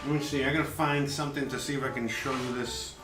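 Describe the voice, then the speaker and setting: A man's voice: mid-range voice, fairly even intonation, fast, echoey room, music in the background, poor audio. Joking, chatty man cooking live. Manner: chatty and joking, many "you know"s. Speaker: cooking show host. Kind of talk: casual live cooking demo. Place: home kitchen.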